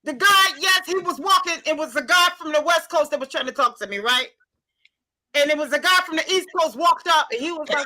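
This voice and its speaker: A woman hosting a casual chat, a loud and animated storyteller. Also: sits high, moderate pace, dry recording. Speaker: host.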